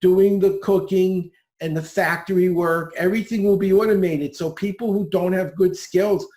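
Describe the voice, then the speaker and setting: A man's voice: high voice, steady tone, normal speed, darkish tone, roomy sound. A man who is a guest on a podcast, teaching speed reading. He gives direct, upbeat, step-by-step instructions.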